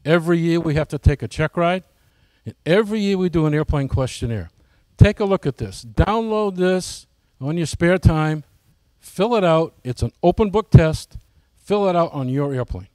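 A man's voice: on the high side, expressive, moderate pace, hardly any pauses, darkish tone, dry recording. A man giving a casual, folksy presentation to his flying club, often asking the audience questions.

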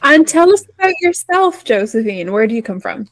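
A woman playing a tabletop game, friendly and brisk. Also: a little high, big pitch swings. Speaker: player.

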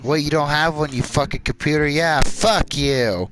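A man's voice: a little high, moderate pace, fairly bright tone, low-quality recording. A man trash-talking the computer players nonstop while playing a card game, swearing angrily. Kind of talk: gameplay chat. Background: game soundtrack music.

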